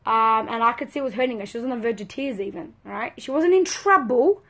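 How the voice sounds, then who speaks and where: A woman's voice: a little high, fairly quick, a bit bright. A woman, talking earnestly and emphatically as a parenting coach in a live video chat with viewers.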